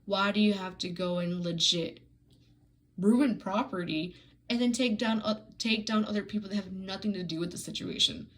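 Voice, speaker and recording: Woman reviewer, mid-pitch, ranting with exasperated sarcasm, casual and full of fillers. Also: normal speed, fairly bright tone, poor audio. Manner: frequent "like" fillers and restarts. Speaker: book reviewer.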